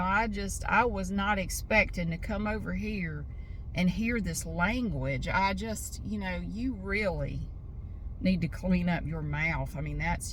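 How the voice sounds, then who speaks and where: A woman's voice: mid-range voice, a little hiss or hum. A frank, chatty woman in her fifties from the American South, with a Southern accent, rambling through a casual vlog. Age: 50s. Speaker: vlogger.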